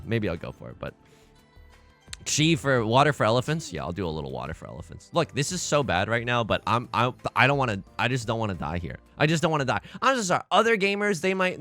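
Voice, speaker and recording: A young man chatting casually and telling a story while he plays a game, animated and quick to laugh and exclaim. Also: mid-range voice. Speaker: gaming video creator.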